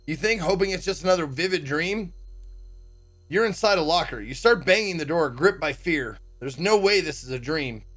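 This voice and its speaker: His voice is expressive and a bit bright, at an ordinary pace, as he streams a read-aloud of a visual novel. Sarcastic and freely cursing, he voices the characters' lines with pitch leaps.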